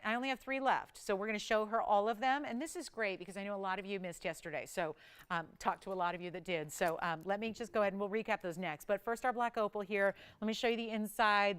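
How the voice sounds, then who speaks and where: Smooth-voiced woman selling jewelry live. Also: medium pitch, fairly bright tone. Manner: enthusiastic, chatty, talks to callers and crew. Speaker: shopping channel jewelry host. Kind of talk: live on-air sales pitch.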